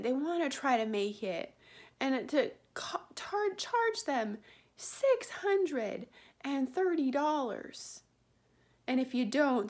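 A woman's voice: medium pitch, a little mellow. A woman ranting indignantly in a personal vlog about a service she feels cheated by, repeating herself as her anger builds. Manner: indignant, repetitive, drops to whispers when praying. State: angry. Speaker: customer complaining about a web host. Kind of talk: angry personal rant vlog.

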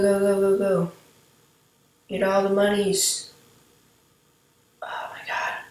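Woman gamer, low-ish voice, unhurried rambling play-by-play, recorded in an echoey room. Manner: rambling, chatty, talks to viewers while playing. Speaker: gameplay commentator. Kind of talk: casual gameplay commentary.

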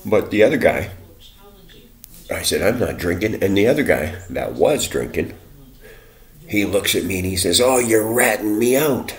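A man with an extremely low, deep voice recounts a run-in in a loose, rambling way. He swears often and jumps into quoting the other people in short bursts. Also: animated, normal speed, pauses often. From Canada. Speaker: vlogger. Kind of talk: rambling personal account.

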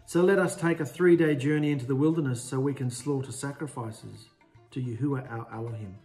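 A man's voice: mid-range voice, a little fast, darkish tone, soft background music, close to an everyday voice. A man voicing an exasperated male prophet who pleads and complains in casual slang. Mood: insistent.

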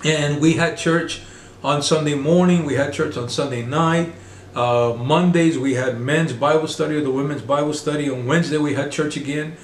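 A middle-aged man preaching a sermon, halting often with fillers and restarts. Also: a little high, fairly even intonation, roomy sound, slight background noise.

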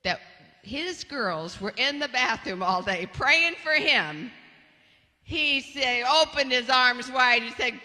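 A woman telling a story to children in a large church hall, lively and laughing as she acts out the voices. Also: high-pitched, a little slow. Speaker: children's speaker. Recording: long reverb of a large hall.

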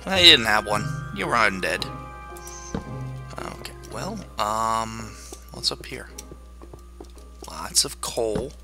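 A man's voice: on the low side, lively intonation, slow pace, pauses often, music in the background. A man giving chatty video game commentary, joking and talking to the monsters in the game. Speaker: gamer.

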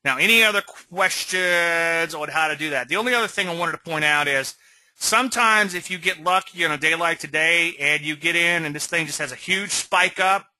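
A man's voice: on the high side, moderate pace, pushed and bright, no echo. A man teaching swing trading on a live webinar, rambling and conversational, often checking in with "okay?". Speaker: trading educator.

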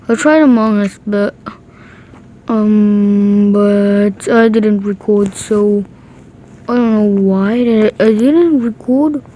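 A woman talks through her gameplay as a casual host, excitable and given to repeating short exclamations. Her voice sits a little high and her pace is slow and drawn out. Faint noise hums behind her. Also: poor audio. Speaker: gaming channel host.

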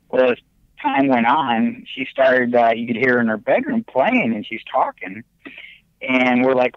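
Lively man telling a haunted-house story. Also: measured pace, no room sound. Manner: animated, excitable storytelling with big pitch jumps. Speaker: podcast guest. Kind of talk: casual storytelling on a podcast. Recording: dull, lo-fi remote audio.

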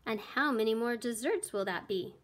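A woman's voice: on the high side, expressive, normal speed, a bit bright. A woman reading aloud, voicing a cheerful noble lady hostess in a storybook. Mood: worried.

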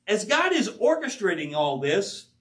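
Older man, pastor, emphatic sermon, high voice; roomy church sound, mic at a distance. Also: unhurried. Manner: animated, emphatic preaching with quoted asides. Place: church sanctuary.

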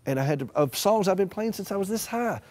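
Southern US man, middle-aged, rapid folksy interview guest with humor and soft hushed asides. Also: high-pitched, expressive. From American South. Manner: storytelling, folksy humor, drops to a gentle hush. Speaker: author and caregiver advocate.

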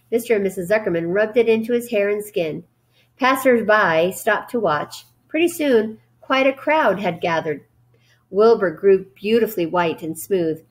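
A woman teacher reading a children's novel aloud, steady and gentle, with brief explaining asides. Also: mid-range voice. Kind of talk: read-aloud storytelling.

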